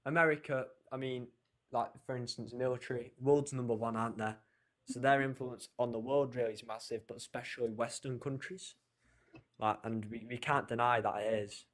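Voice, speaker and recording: A man's voice: medium pitch, fairly even intonation, normal speed. A man from Manchester with a Mancunian accent, casually arguing on a live stream, teasing and calling people mate. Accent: Mancunian English. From Manchester, England. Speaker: guest on a live stream debate. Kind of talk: casual argumentative chat.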